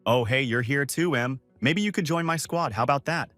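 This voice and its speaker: A man's voice: medium pitch, normal speed, a bit bright, no room sound, soft background music, lightly acted. A man reading the lines of an arrogant, offhand young male student fighter in a storybook recap.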